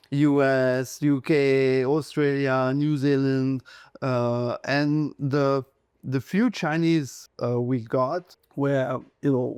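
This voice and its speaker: A man in his thirties with a French accent, a real estate agent chatting as an interview guest, hesitant with many fillers and quick to joke about himself. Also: medium pitch, darkish tone, clean tone, dry recording. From France. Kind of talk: casual interview chat.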